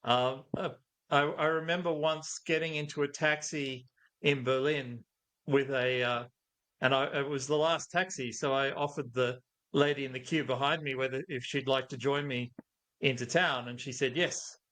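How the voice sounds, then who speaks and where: A man's voice: mid-range voice, steady tone, normal speed, fairly bright tone. A middle-aged man, a guest in an interview, talking thoughtfully and telling anecdotes. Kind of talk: conversational interview.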